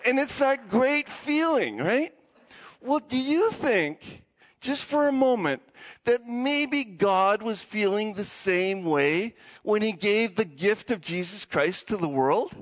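A male pastor preaching a sermon as an animated storyteller who laughs often and repeats words as he goes. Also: high-pitched, slow, big-room sound.

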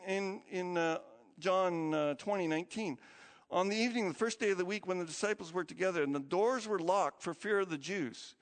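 Pastor, male, higher register, emotive sermon storytelling, long church-hall reverb. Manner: emotional storytelling, voice rising high and dropping low to a hush.

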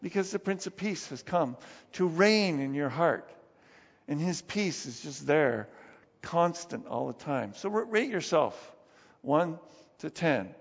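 A man's voice: a little high, lively intonation, takes it slowly, gravelly. A man preaching a conversational sermon as pastor, telling stories with chuckles and restarts. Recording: long reverb, dull lo-fi sound.

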